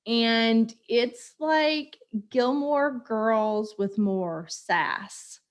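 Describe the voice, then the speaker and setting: A woman in her thirties co-hosting a podcast, chatting casually and telling stories in an animated way, laughing often. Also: on the high side, extremely slow. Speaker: podcast co-host. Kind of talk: casual chat.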